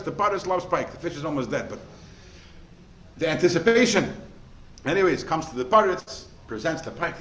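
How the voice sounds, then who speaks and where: A man, a rabbi teaching a class, in a lively way, often asking the listeners questions. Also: fairly high pitch, fast. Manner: animated, asks the class rhetorical questions. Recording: echoey room with faint noise.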